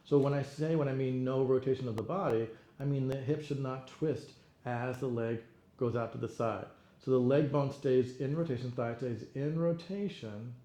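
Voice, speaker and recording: A man leading an exercise class, counting reps and giving steady encouragement and cues. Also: mid-range voice, moderate pace. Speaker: fitness instructor. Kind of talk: guided exercise class cueing. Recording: roomy echo, faint room noise.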